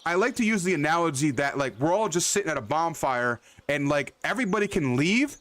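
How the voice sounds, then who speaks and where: Young guy streamer, kinda high voice, rambles and swears a lot, greets chat by name. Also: lively intonation, fairly quick, a bit bright. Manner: loose, rambling, swears freely, repeats himself; addresses viewers by name. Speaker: livestream host. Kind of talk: casual chat with live chat.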